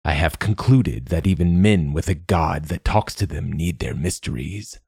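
A man voicing an ancient, secretive machine god in a storybook reading, with a rasping, slow and measured delivery. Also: deep voice, darkish tone, dry recording, studio quality, full character voice. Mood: solemn. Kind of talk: audiobook narration.

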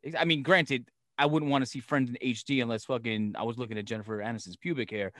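A man's voice: mid-range voice, fast talker, no room sound, clean studio sound. A man in casual chat, swearing freely and acting out quotes as he tells stories. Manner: profane, animated storyteller, acts out quotes.

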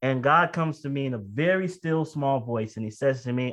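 In a conversational sermon, a man recounts a personal story, alternating rapid asides with slow, emphatic lines. When he reenacts strong emotion, his voice leaps into loud, high-pitched outbursts.

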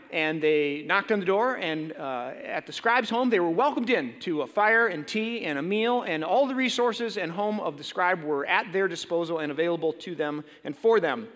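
A man's voice: sits high, a bit bright. A man preaching a sermon as a pastor, casual and conversational, telling a story with fillers and restarts in a large church hall. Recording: long reverb in a large hall.

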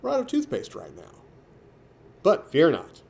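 A courteous male hotel desk clerk , as a man puts him on, polite and reassuring, his voice jumping well above the speaker's usual low pitch. He sounds eager to help. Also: wildly swooping pitch, unhurried, gravelly, a little mellow, exaggerated voice.

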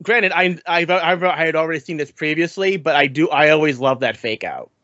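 A man co-hosting a podcast in casual chat, talking in animated bursts, often repeating words and laughing as he mimics others. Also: on the high side, a little fast, no echo. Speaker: podcast co-host. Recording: dull lo-fi sound.

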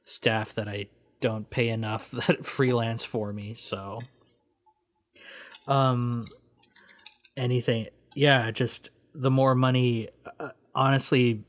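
A man's voice: medium pitch, fairly even intonation, slow. A man being interviewed on a podcast, talking bluntly with many fillers and restarts. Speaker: guest, independent researcher running a news project.

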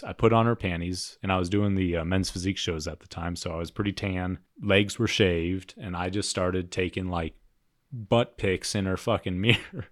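A man's voice: low-pitched, fairly quick, no echo, studio quality. A young man co-hosting a podcast, telling a story with frequent laughter and profanity in casual chat. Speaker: podcast co-host.

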